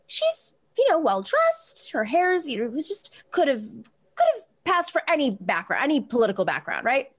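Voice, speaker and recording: Woman host telling a story fast, voice goes way up and down, lots of restarts. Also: sits high. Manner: lively, quick asides with many restarts. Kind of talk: animated casual storytelling.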